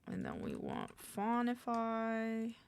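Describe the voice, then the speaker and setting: A woman's voice: a little high, wildly swooping pitch, takes it slowly, gravelly, slight background noise. A woman streamer in casual live-stream chat at a desk microphone, rambling, muttering lists to herself and greeting her chat.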